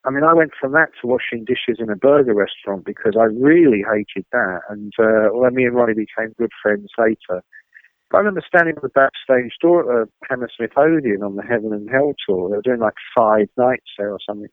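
A man, a rock journalist, telling animated anecdotes as an interview guest and acting out the people in his stories, heard over a phone line. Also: medium pitch, fairly quick, no room sound. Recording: dry, tinny phone line.

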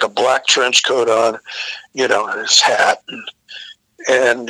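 An older man, a veteran rock vocalist, relaxed and rambling through tour stories. His voice is very bright and forward. It sits close and dry on the mic. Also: mid-range voice, slightly rough, no room sound, rough recording. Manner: rambling anecdotal, frequent restarts, profane. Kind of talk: casual storytelling interview.

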